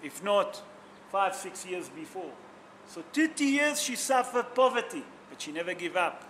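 A rabbi delivers a sermon in a high, bright voice, telling stories with feeling and putting questions to his audience. He speaks English as a non-native speaker, with simple grammar. A faint noise sits under the recording. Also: big pitch swings, moderate pace. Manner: emotional storytelling, asks the audience questions.

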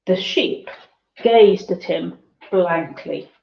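A woman reading a children's novel aloud in a measured, expressive storytelling manner. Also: fairly low pitch, creaky. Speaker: reader. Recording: roomy, dull lo-fi sound.

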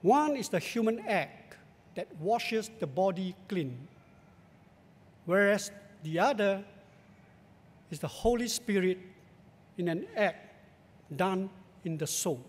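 A male pastor with a Singaporean accent, preaching in a measured, emphatic, rhetorical way in a church. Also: high-pitched, expressive. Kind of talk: sermon. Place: large church sanctuary. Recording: long church hall reverb.

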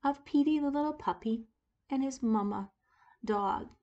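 A woman reading a picture book aloud in an expressive storyteller way, pointing out the pictures as she goes. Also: sits high, unhurried, lo-fi sound.

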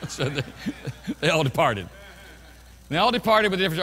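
A pastor in his fifties preaching a sermon, swinging from quiet storytelling to loud crying out. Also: fairly high pitch, expressive, normal speed, pauses often, a faint crowd. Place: large church sanctuary. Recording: long hall reverb in a church.

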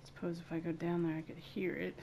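A woman's voice: on the low side, little pitch movement, a little fast, vocal fry, a little mellow, slight background noise. A woman giving casual let's-play commentary, playful and giggly as she chats to herself. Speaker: gaming video creator.

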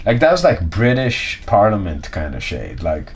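Chatty man podcaster, lowish voice. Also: huge pitch swings, moderate pace, slight background noise. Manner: chatty, mimics others in high silly voices, laughs often. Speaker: podcast co-host. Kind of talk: casual chat.

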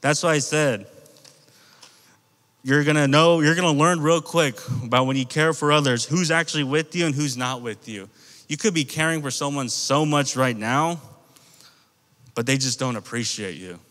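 A man's voice: on the high side, normal speed, a bit bright. An American man preaching to a youth group in a casual, storytelling way and speaking directly to the kids. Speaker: youth pastor. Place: church youth hall. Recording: long reverb from a large hall.

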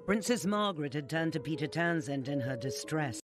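A man narrates a documentary from a script at a measured, even pace. His voice sits somewhat high. Clear music plays underneath.

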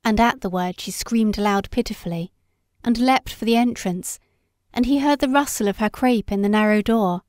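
A woman reading a story aloud as an audiobook narrator, in a measured, unhurried way. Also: medium pitch, a little mellow, dry recording, studio quality. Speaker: audiobook reader. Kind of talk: scripted narration.

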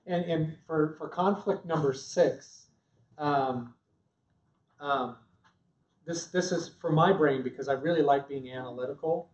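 Halting man teaching in an echoey room. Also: a little high, far from the mic. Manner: analytical, halting with many restarts. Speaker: marriage class co-teacher. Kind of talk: church class teaching. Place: large church classroom.

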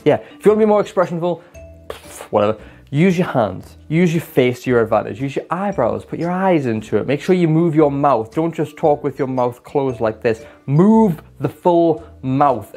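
A man's voice: medium pitch, a little mellow. A man giving casual advice to camera as a self-improvement vlogger, chatty and self-deprecating, and he demonstrates different voices and tones as he explains.

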